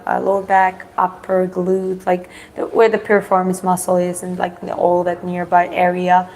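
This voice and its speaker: Halting woman with a gravelly voice. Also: medium pitch, a little mellow, a little hiss or hum, rough recording. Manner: halting, full of fillers and restarts. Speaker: co-host. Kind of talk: casual chat.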